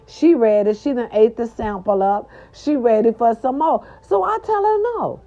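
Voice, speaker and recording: Woman vlogger, casual storytelling, sassy and expressive, mellow tone, muffled lo-fi sound. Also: fairly high pitch, moderate pace. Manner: sassy, animated, talks straight to viewers. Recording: dull lo-fi recording.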